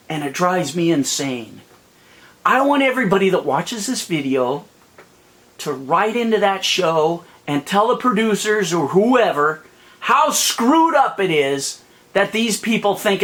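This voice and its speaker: A man venting in an angry, profanity-laced monologue to camera, sweating under a hot light indoors. His pitch swings widely as he rants, and he takes his time getting the words out. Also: a bit bright. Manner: heated, profane, exasperated ranting. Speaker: vlogger.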